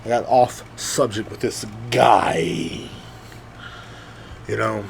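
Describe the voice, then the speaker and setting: A man's voice: lowish voice, slow pace, creaky, a little hiss or hum. A man hosting a podcast, talking in a casual, profane, rambling way with lots of fillers and restarts while drunk. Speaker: podcast host.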